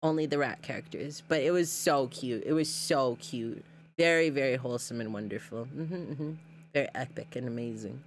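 A streamer chats loosely over clips on a livestream, giggling and circling back on their words. The voice sits at an ordinary middle pitch, with faint noise underneath. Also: moderate pace. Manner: rambling, giggly, many fillers and repeats. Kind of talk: casual livestream reaction chat.

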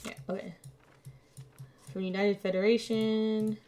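A woman streamer casually commenting on a game, muttering to herself as she checks documents, playful and unhurried. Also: mid-range voice, flat delivery, warm tone, soft background music. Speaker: gameplay streamer. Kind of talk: casual let's-play commentary.

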